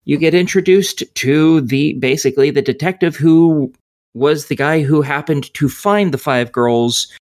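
A man's voice: on the high side, a little slow, darkish tone. A man reviewing a horror game in casual podcast chat, rambling and sarcastic, swearing often.

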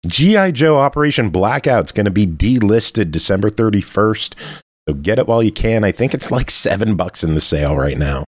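A man's voice: on the low side, lively intonation, brisk, dry recording, clean studio sound. A man co-hosting a podcast who reads out game news items and teases his co-host in casual banter. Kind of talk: casual chat.

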